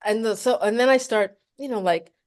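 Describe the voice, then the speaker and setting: A woman's voice: fairly high pitch, moderate pace. A woman from New York, a soprano and author, telling a story as an interview guest and acting out the quotes. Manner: animated, acts out quotes and laughs often.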